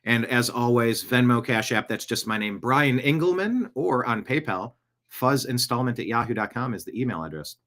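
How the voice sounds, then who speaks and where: A man hosts his own podcast in a loose, off-the-cuff monologue. He wanders between topics and drops jokey asides. His voice sits at an ordinary middle pitch for a man. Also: lively intonation, normal speed, fairly bright tone. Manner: rambling, digressive, jokey asides. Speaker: podcast host. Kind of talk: casual live-show monologue.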